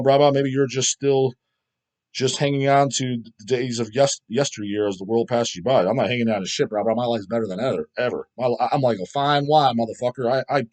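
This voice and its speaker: A man in his thirties hosts his own channel, reading viewer comments and answering them in a blunt, profane, casual rant, laughing often. His voice is mid-range with a darkish tone.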